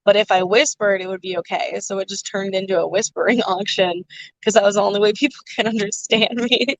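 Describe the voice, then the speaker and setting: Sex: woman. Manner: loud, projecting casual talker. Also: mid-range voice, fairly even intonation, a little fast, poor audio. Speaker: livestream host. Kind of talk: casual chat. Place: inside a noisy car. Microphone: phone.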